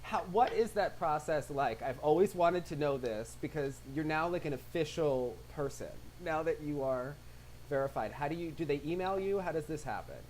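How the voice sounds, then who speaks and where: A woman's voice: deep voice, animated, moderate pace, darkish tone, slight background noise, poor audio. A woman interviewing a guest with friendly, conversational questions.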